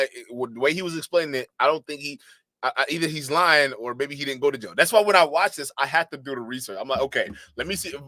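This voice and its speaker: Male live-stream host reacting for chat; exasperated, mocking delivery, bright and dry. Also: mid-range voice, dry recording.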